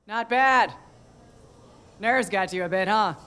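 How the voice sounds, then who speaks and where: A woman's voice: mid-range voice, slow, a bit bright, smooth. An actress voicing a blunt, no-nonsense female dinosaur who runs a stage, speaking curtly and dryly. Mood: gruff. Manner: curt, dry, no-nonsense. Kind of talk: video game voice acting.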